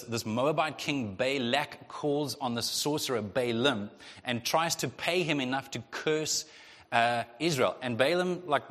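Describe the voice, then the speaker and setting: A male pastor preaching a sermon in a lively way, acting out the voices of the people in his story. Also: mid-range voice. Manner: animated, acts out voices of God and the Israelites. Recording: long hall reverb.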